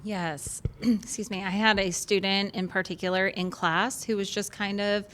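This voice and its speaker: A woman's voice: medium pitch, level tone, normal speed, fairly bright tone. A woman teacher from the American South chatting casually on a podcast. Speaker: fourth grade teacher. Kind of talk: podcast conversation.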